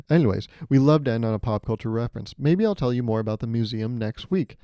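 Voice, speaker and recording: A young man hosting his own podcast, riffing in an animated, profane way, recorded close on a mic. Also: a little fast, clear, resonant tone, dry recording, lo-fi sound. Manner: animated, profane, riffing with jumps to high pitch. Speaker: podcast host. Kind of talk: solo comedic podcast monologue.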